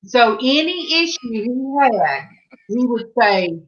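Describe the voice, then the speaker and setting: Animated, bright-voiced woman telling a story. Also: fairly high pitch, unhurried, lo-fi sound. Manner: animated, laughing while telling a funny family story. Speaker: host. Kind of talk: casual storytelling on a livestream panel.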